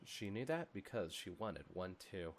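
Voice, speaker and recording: A man's voice: deep voice, very animated, unhurried, a little hiss or hum. A man co-hosting a podcast who reads fan fiction aloud and breaks off into wry, joking commentary. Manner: wry and joking, often laughing. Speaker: podcast co-host and narrator.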